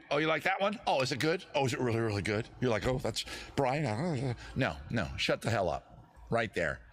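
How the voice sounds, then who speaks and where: A man's voice: mid-range voice, fairly bright tone. A man hosting a live comedy stream with a guitar, rambling, self-mocking and giggling at his own jokes. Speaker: host.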